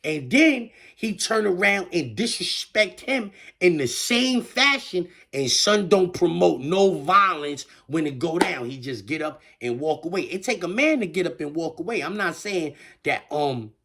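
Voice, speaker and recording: Guy ranting to camera, slangy, keeps restarting, kinda high voice that jumps all over. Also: measured pace, creaky, few pauses. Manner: animated, stammering restarts, slangy. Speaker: online commentator. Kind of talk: casual commentary rant.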